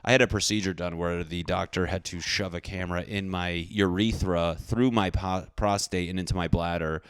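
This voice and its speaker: A man's voice: low-pitched, fairly even intonation, moderate pace, clear, resonant tone, dry recording, studio quality. A young man hosting a casual podcast, rambling through jokes and rants in a self-deprecating way. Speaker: podcast host. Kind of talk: casual comedic podcast rant.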